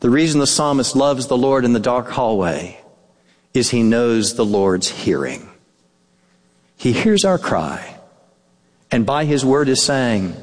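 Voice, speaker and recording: Male pastor, earnest sermon delivery, lively pitch, long hall reverb. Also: slow pace, long pauses. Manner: earnest, dips into soft hushed tones for quoted words.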